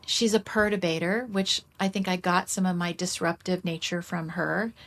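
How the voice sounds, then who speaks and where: A middle-aged woman, a podcast guest, telling a candid personal story in an animated way. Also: normal speed. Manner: animated, acts out quoted voices with big pitch jumps.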